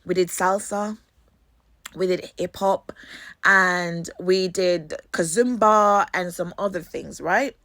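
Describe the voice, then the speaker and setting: A Jamaican-born woman with a Jamaican London lilt, telling her own embarrassing stories with a bright edge and an unhurried pace. She swears freely and stays animated. The sound is close and dry. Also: lowish voice, dry recording. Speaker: host. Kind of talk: storytelling monologue.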